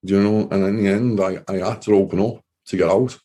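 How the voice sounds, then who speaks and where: Deep-voiced man giving earnest testimony. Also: fairly even intonation, mellow. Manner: earnest, halting retelling with repeated words. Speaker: guest, former soldier. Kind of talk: personal testimony in an interview.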